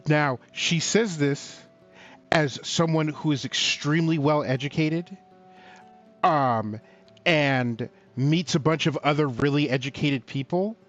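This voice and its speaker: A man co-hosting a casual livestream talk show, speaking slowly and haltingly with many fillers and restarts. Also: a little high, fairly bright tone, faint music behind.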